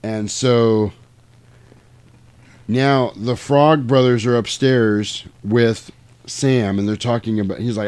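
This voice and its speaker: A mid-pitched man recaps a film in easygoing talk, jumping into lively impressions of the characters as he goes. His speech is loose and peppered with swearing. The sound is close and dry, with no room around it. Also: slow pace, clean tone, no room sound. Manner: animated storytelling, acts out quotes, swears freely. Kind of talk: casual movie recap chat.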